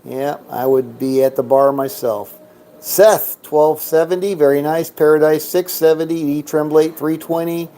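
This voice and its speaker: A man's voice: on the high side, steady tone, a little slow, warm tone. A man giving casual, joking commentary while playing a craps game, chatting to himself and counting bets and chips aloud.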